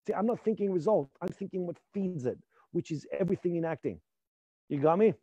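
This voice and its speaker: Brief: male acting teacher, high mellow voice, insistent, dull dry recording. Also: lively intonation, a little fast, dry recording. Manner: emphatic, repeats points, drops to near whispers to demonstrate. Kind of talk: live acting class.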